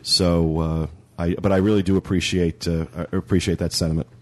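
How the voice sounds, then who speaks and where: A man's voice: deep voice, level tone, fairly quick, darkish tone. A man hosting a podcast in casual chat, talking in a chatty, rambling way. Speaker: podcast host.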